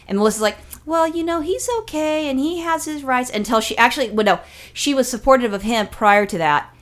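A middle-aged woman from California, co-hosting a casual podcast, telling stories in a blunt, profane, animated way. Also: mid-range voice, clean tone. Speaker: podcast co-host.

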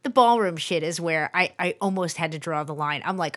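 A woman's voice: fairly low pitch, fairly quick, hardly any pauses, fairly bright tone. A woman co-hosting a podcast, chatting casually with wry, skeptical comments. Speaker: podcast co-host. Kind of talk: casual chat.

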